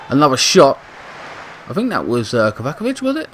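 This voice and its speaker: A man giving casual play-by-play commentary on a football video game, with excited bursts on attacks and chatty self-corrections. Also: mid-range voice, brisk, slight background noise. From Britain. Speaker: gaming YouTuber commentating a football sim.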